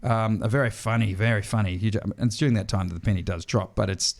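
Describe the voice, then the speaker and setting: A middle-aged man with an Australian accent spins stories as a podcast guest. His voice sits a little low. He talks in bursts, often restarting and filling gaps with "um". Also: fast talker, gravelly. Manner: lively storyteller with frequent restarts and fillers. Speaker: podcast guest, stage entertainer. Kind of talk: storytelling in a podcast interview.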